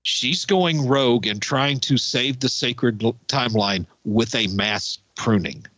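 A man's voice: medium pitch, measured pace, no room sound, highs cut off. A man co-hosting a podcast, talking emphatically and casually. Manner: emphatic, animated storytelling. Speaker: podcast co-host. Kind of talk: casual chat.

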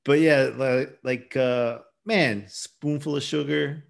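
Laid back guy cohost, mid pitch, chats and laughs a lot. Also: fairly even intonation, slow pace, gravelly. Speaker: podcast co-host. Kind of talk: casual chat.

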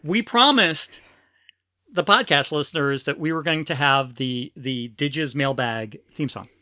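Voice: medium pitch, unhurried, sharp tone, no room sound, clean studio sound. A podcast host chatting casually and poking fun at himself, who sometimes giggles. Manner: self-deprecating, giggly.

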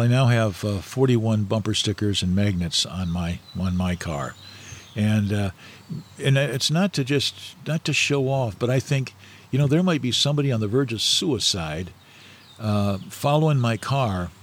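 A middle-aged man, a guest in an interview, telling stories in a rambling, anecdotal way with many fillers and restarts. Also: medium pitch. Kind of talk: casual storytelling interview.

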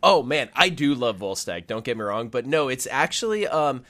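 A woman co-hosting a movie podcast, blunt and quick to swear. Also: extremely low pitch, sing-song, fairly bright tone. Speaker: podcast co-host. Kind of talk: casual movie discussion.

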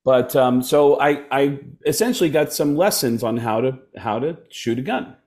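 A man tells a story in a relaxed, conversational way on a podcast. His voice sits at an ordinary middle pitch, and he often pauses with ums and starts his sentences over. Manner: halting, many ums and restarts. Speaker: podcast guest, comedian. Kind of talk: casual storytelling.

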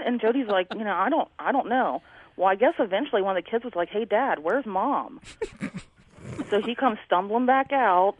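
A woman on a call tells a story with lively energy, acting out other people's lines as she goes. Her voice comes through a thin, tinny phone line. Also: mid-range voice, normal speed. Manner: animated, acts out neighbors' lines. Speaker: caller.

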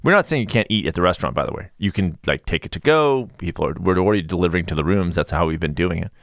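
A man hosting a podcast in a relaxed, mellow mood, chatting in a rambling way with a sarcastic streak. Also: low voice, rapid-fire, no room sound, studio quality. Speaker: podcast host. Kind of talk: casual podcast monologue.

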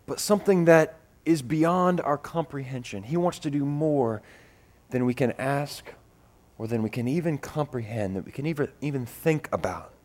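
A man preaching a sermon, animated and repeating phrases as he builds, acting out voices when he tells personal stories. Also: mid-range voice, moderate pace. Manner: acts out voices in his stories. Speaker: pastor.

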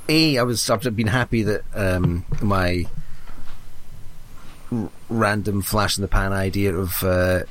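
Lower-voiced man, sweary and eager. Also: slow pace, a bit bright, a little hiss or hum. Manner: enthusiastic, swears a lot, stumbles and restarts. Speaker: podcast co-host. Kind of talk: casual film podcast chat.

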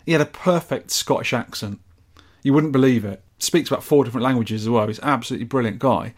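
A man's voice: mid-range voice, quick pace. A man from the UK chatting casually and enthusiastically as a podcast host. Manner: chatty and enthusiastic, rambling with restarts. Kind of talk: casual chat.

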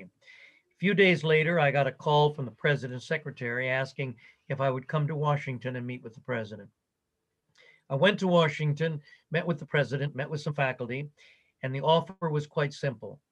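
Quoting others as he goes, an older man animatedly walks through his career history during an interview. His voice is mid-range and the recording quality is rough.

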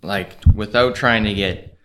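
Deep-voiced laid-back podcast man. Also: a little slow, a bit bright, a little hiss or hum. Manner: short agreeing replies, laid-back. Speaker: podcast co-host. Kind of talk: casual chat.

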